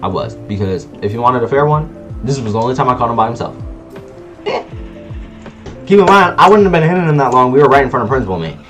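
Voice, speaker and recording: A teenage boy telling a school drama story in a casual vlog, animated and slangy, acting out quoted lines. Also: medium pitch, fast talker, pauses often, lo-fi sound, faint music behind. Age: teens. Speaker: vlogger.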